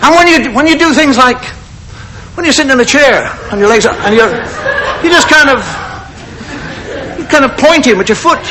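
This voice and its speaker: A middle-aged man doing a relaxed stand-up monologue on stage, acting out gestures and noises as he talks. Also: extremely high pitch, moderate pace, long pauses, crowd noise. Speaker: stand-up comedian. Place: stage before a live audience. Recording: vintage TV broadcast with audience noise and hiss. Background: audience laughter.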